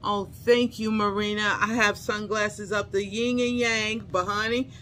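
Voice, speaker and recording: A woman's voice: mid-range voice, fairly even intonation, a little slow, fairly bright tone, slight background noise. Gushing, chatty woman vlogger. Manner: gushing and effusive, often squealing with delight; chatty, calls viewers y'all and honey. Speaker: haul vlogger. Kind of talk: casual unboxing chat to viewers.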